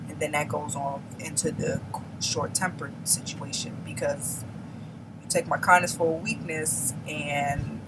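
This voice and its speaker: A woman's voice: low voice, noisy background. A woman talking candidly and bluntly to camera in a casual confessional chat, stressing her words now and then. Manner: candid, blunt, emphatic with laughs. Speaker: beauty vlogger.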